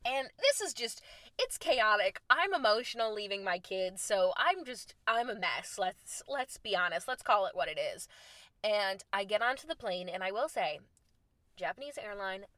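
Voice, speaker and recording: A young woman telling a travel story in a casual, lively way, acting out the lines she quotes. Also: moderate pace, no echo. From United States. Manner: animated, acts out quoted lines with big pitch jumps. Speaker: storyteller host.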